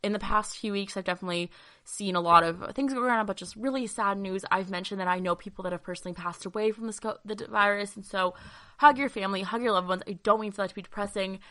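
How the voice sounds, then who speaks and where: A woman's voice: mid-range voice, fast, sharp tone. A young woman hosting her own podcast, chatting casually and gushing, with lots of fillers. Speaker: podcast host. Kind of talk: casual solo podcast chat.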